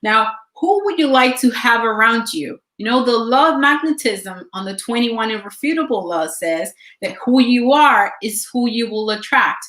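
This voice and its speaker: A woman's voice: fairly high pitch, lively intonation, moderate pace, hardly any pauses, fairly bright tone. A woman co-hosting a motivational talk, speaking in an upbeat, encouraging way. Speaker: co-host. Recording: echoey room.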